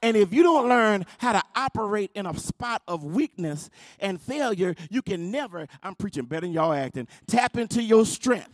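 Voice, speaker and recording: A man with a very high voice preaches a sermon as pastor, drawing on his congregation with call-and-response. He climbs into shouted, sung cadences and then drops to a low, close delivery. The sound is dry and close. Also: very animated, moderate pace, hardly any pauses, dry recording.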